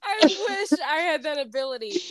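A woman's voice: sits high, animated, moderate pace. A young woman co-hosting a casual podcast chat, laughing through her words and swearing freely. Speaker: podcast co-host.

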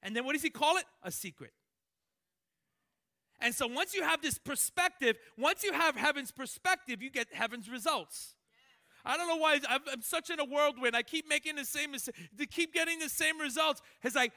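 A man preaching a sermon as pastor, animated, swinging between loud emphatic lines and hushed ones. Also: very high voice, normal speed.

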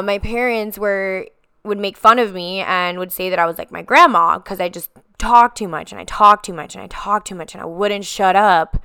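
A woman's voice: medium pitch, sharp tone, smooth, no room sound, studio quality. A woman hosting a podcast, telling a personal healing story in an emphatic, repetitive way and addressing listeners as guys. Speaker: podcast host.

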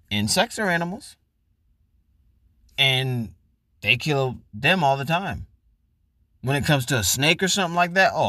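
A man's voice: a little high, dry recording, clean studio sound. A man hosting a podcast, delivering a profane, mocking comedic rant and acting out the people he mocks. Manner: loud, profane, mocking, acts out voices. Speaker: podcast host.

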